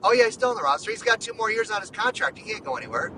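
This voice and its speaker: A man hosting a casual sports podcast, talking in an excited, rambling way full of "dude" and "like.". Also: sits high, rapid-fire, recorded from a distance, a little hiss or hum, rough recording. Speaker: podcast host.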